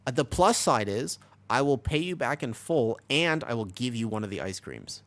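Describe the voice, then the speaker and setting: A young man talks through his live stream in a loose, wandering way, starting sentences over and again and dropping a swear word now and then. His voice sits at an ordinary middle pitch, relaxed and chatty. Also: normal speed. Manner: rambling, restless, full of restarts and swearing. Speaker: Twitch streamer. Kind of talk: casual live-stream chat.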